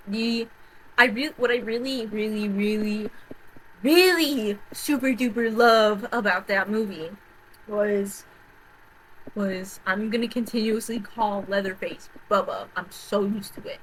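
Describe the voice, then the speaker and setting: Woman vlogger, casual profane rant, mid-pitched voice, faint hiss behind her. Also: measured pace, rough recording. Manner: rambling, profane, repeats herself, big swings between loud outbursts and mutters. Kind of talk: casual rant about horror movies.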